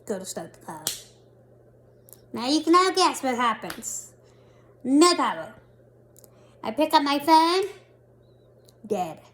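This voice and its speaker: A woman in her thirties tells a story straight to her phone, high-voiced and animated. She pokes fun at herself as she goes. The talk is casual and lively. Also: takes it slowly, long pauses. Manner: animated, laughing, self-mocking. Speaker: vlogger.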